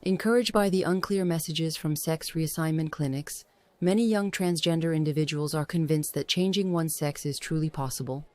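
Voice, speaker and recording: A woman reading a scripted documentary voice-over in a measured, matter-of-fact way. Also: low-pitched, a little mellow, no room sound. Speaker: documentary narrator.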